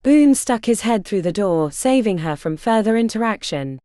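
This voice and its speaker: A woman reading a fantasy novel aloud with lively, rolling intonation. Her timbre is dark and mellow, and the close, dry studio sound leaves no room echo at all. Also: mid-range voice, moderate pace. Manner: expressive storytelling. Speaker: audiobook narrator. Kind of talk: scripted narration.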